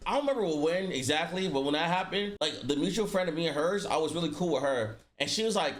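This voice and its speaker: A young man and streamer telling a casual story to his chat, loose and animated, heavy on slang and filler words, acting out what people said. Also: fairly high pitch, fast, few pauses.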